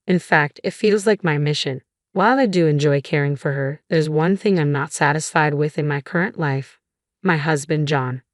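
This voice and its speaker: A woman narrating a first-person story in an even, measured manner. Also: sits low, no echo, clean studio sound.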